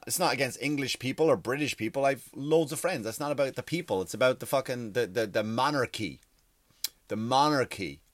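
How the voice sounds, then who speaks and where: Profane, animated stand-up comic. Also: male voice, no room sound, clean studio sound. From Ireland. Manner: profane, animated storytelling with sudden pitch jumps. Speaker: stand-up comedian. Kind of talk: stand-up comedy rant.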